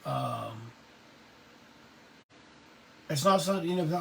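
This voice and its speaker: A middle-aged man, hosting a live online show and telling stories casually, salty and quick to laugh. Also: on the high side, lively intonation. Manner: laid-back Southern drawl, salty, laughs often. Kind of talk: casual storytelling to a live audience. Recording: distant mic with faint background noise.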